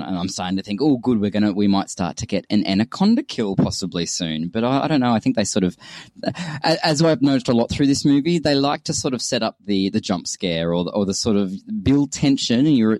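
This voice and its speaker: Guy rattling off movie thoughts quick, lowish voice, laughs a lot. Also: darkish tone, no echo. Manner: chatty, laughs often, restarts sentences. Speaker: film review podcast co-host. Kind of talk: casual chat.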